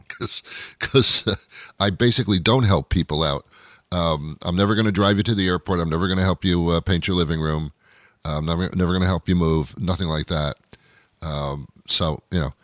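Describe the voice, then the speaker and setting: A man's voice: sits low, normal speed, a bit bright, no room sound, studio quality. A man hosting his talk show in a casual rambling monologue, sardonic and grumbling, with many fillers and restarts.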